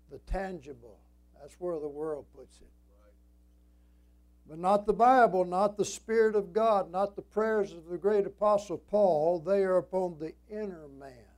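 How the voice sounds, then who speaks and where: Man, preacher, sermon, slow deliberate delivery, high pitch, preaching cadence. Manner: preaching cadence with emphatic rises and hushed drops.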